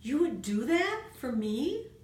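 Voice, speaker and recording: A woman's voice: high-pitched, very animated, takes it slowly, pitched above the performer's own voice, exaggerated voice. Woman voicing a shy little girl whale. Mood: timid, hopeful. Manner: soft, hesitant. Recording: roomy room, distant mic, faint noise.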